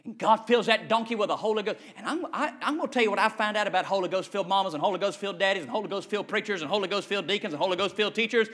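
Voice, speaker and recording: Preacher guy, high bright voice, folksy and repetitive, goes from shouting to real quiet. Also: racing, few pauses. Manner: swings from shouting to low quiet asides. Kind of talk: sermon. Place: church with a congregation.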